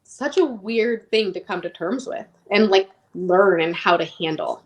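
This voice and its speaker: A woman's voice: medium pitch, a little slow. A woman in her thirties telling her personal story as an interview guest, rambling and emotionally open with lots of "like".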